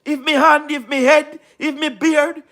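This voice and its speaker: A Jamaican man with a very high, bright voice, chatting on a casual livestream. He talks emphatically, repeats his points and keeps checking that you understand. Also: little pitch movement, unhurried. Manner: repetitive, emphatic, keeps asking "you understand what I mean?". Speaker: livestream host.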